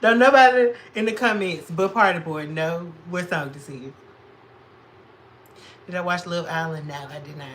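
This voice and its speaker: Sassy and animated, a Chicago man answers his chat during a casual livestream where he's putting on drag makeup. He has a high voice and talks at a normal speed, and the low-quality recording has a little hiss or hum.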